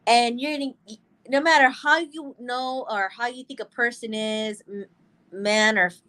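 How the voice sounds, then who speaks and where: A woman's voice: fairly high pitch, fairly even intonation, a little slow, bright, forceful tone. A woman co-hosting a casual chat show, talking earnestly and rambling with fillers and restarts. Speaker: co-host.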